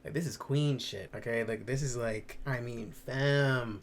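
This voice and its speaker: A man's voice: medium pitch, normal speed, few pauses, slight background noise. A young man chatting casually and animatedly as he reacts to his own old videos, campy and swearing freely.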